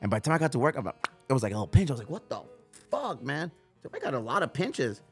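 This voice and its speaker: A man's voice: mid-range voice, racing, husky, soft background music. A man hosting a casual podcast chat, joking and swearing freely. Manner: profane, joking, animated. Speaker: podcast host.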